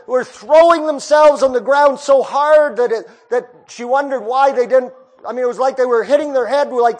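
A man preaching a storytelling sermon, moving between hushed passages and raised ones. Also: very high-pitched.

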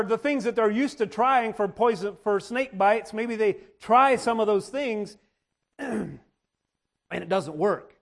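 A man with a notably high-pitched voice preaches a sermon. He circles back over his own phrases, restarting and repeating them for emphasis, and he often pauses to clear his throat.

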